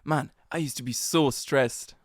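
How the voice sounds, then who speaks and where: A young man hosts a solo podcast, telling a rambling, self-mocking story packed with slang and fillers. His medium-pitched voice keeps a fairly even intonation at a measured pace, and the recording is dry with clean studio sound.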